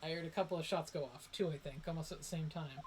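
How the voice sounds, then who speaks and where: A man voicing a scrappy young female pickpocket, attempting a Cockney accent and telling her story in a rushed, breathless way. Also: a little high, a little hiss or hum, close to an everyday voice, rough recording. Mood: shaken.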